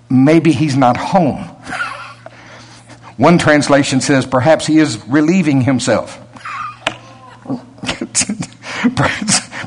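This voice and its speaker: A man preaching a sermon in a relaxed, conversational way, with a voice of ordinary middle pitch. He climbs to emphatic, higher peaks when he drives a point home, and he chuckles between points.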